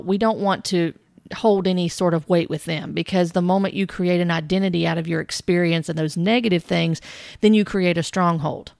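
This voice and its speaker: A woman host giving measured, thoughtful commentary on church teaching, reading scripture passages aloud as she goes. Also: lowish voice, vocal fry, darkish tone, no echo, studio quality. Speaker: podcast host.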